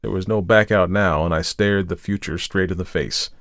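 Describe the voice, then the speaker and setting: A man's voice: deep voice, steady tone, a bit bright, no echo, studio quality. A man hosting a podcast, reading a story aloud dramatically and raising his voice for the quoted dialogue. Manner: lifts his voice for quoted speech, slows for tense moments. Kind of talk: dramatic audiobook narration.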